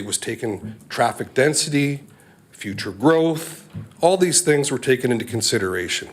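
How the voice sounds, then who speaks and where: A man, a local resident, giving a measured public comment at a council meeting, with frequent ums and uhs. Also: mid-range voice.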